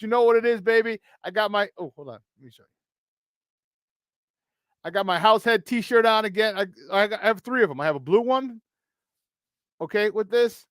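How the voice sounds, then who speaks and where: High-voiced, hyped-up male host. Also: a little fast, long pauses, dry recording, clean studio sound. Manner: hyped, loud and playful. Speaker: morning show host. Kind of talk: sports talk show.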